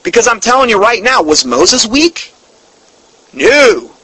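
A man preaching a sermon in an earnest, emphatic way, slowing down to read scripture and definitions, and openly emotional about his subject. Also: sits high, sing-song, sharp tone, breathy edge, dry recording, poor audio.

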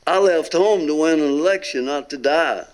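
Guy telling his near-death story, earnest, leans hard on words, kinda high voice. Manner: earnest storyteller, drawn-out emphatic phrases. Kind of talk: recorded testimony talk.

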